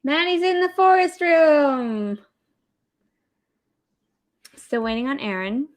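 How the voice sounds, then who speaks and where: A woman's voice: high-pitched, expressive, slow pace. A young woman hosting a casual livestream writing session, chatting and answering viewer comments. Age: young adult. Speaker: livestream host, author.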